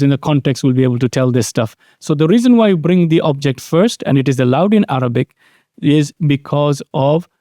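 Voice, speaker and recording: A man teaching Arabic grammar in a recorded online lesson, explaining slowly and repeating key terms. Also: mid-range voice, dark tone, no room sound, clean studio sound.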